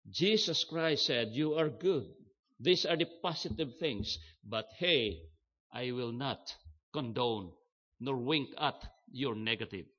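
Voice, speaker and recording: Older pastor preaching slowly. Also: male voice, medium pitch, bright, forceful tone. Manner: emphatic, slow and measured, repeats key phrases for stress. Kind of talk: sermon. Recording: dull lo-fi sermon recording.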